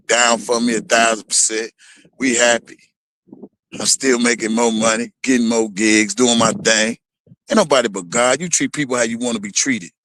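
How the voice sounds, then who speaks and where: A man's voice: medium pitch, fairly bright tone, dry recording. Man, heated profane rant, preachy repetition, dry close sound. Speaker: vlogger.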